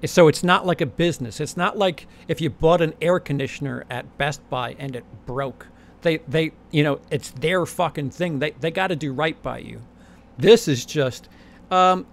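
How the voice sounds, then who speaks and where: A young man talks off the cuff to his audience, circling back and restarting sentences as he swears his way through. His voice sits a little high for a man and has a gravelly edge, with a faint hiss of noise behind him. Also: normal speed. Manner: rambling, profane, many restarts. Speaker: channel host. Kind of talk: casual chat.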